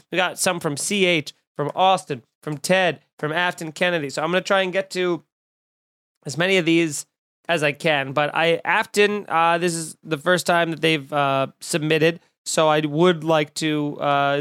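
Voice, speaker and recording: A man's voice: fairly high pitch, a bit bright, clean tone. A man hosting a comedy podcast, ranting in a sarcastic, crude, mock-outraged way. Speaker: podcast host.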